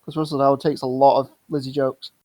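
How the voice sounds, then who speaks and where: A man's voice: medium pitch, little pitch movement, fast talker, mellow, dry recording. A man from England co-hosting a casual gaming podcast, laid-back and laughing along. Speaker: podcast co-host. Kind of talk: casual chat.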